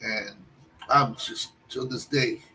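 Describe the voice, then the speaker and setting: A man telling a long personal story on a livestream, halting often and restarting his sentences. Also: medium pitch, fairly even intonation. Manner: halting, with many restarts and fillers. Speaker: guest storyteller. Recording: distant mic with faint background noise.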